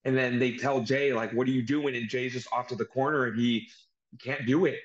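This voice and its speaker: Male podcast host, mid-pitch, animated recap delivery. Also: moderate pace, muffled recording. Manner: animated play-by-play retelling with acted-out quotes. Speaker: podcast host reviewing wrestling. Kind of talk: casual recap chat.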